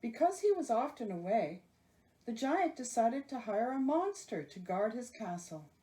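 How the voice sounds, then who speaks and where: Library storyteller, woman, reads picture books slowly with a lively, expressive voice. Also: on the high side. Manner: expressive, unhurried. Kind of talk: children's story reading.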